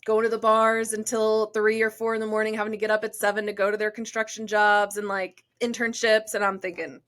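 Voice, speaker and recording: Young female co-host, casual and giggly, reads listener stories with a lot of animation, mid-pitched voice. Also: a little fast. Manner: chatty, giggly, animated when reading stories. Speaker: podcast co-host. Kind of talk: casual chat and reading listener stories aloud.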